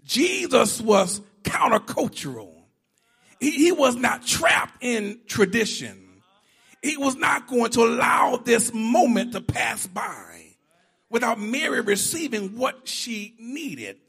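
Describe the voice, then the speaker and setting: High raspy-voiced preacher. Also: male voice, very animated, slow pace, faint music behind. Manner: rousing, swings from hushed to shouting, half-sung lines. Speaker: pastor. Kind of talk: sermon.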